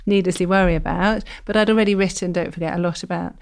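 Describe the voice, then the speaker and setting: A middle-aged British woman, a doctor, telling a personal story as a podcast guest in a lively, expressive way. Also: gravelly. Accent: British English. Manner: lively, expressive, quick pitch jumps.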